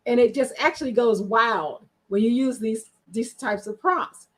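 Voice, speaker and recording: Woman guest rambling frankly, bit breathy, lots of ums. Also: a little high, a little slow, rough recording. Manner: chatty, frank, many fillers, animated quoting. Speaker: guest, marketing strategist. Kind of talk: casual storytelling on a panel show.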